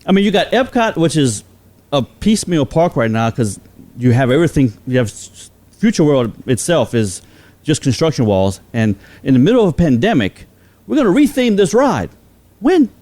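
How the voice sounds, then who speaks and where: A man from South Louisiana co-hosting a fan podcast in casual chat, animated and climbing in pitch as he makes his points. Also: moderate pace. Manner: animated, rising in pitch when making a point. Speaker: podcast co-host.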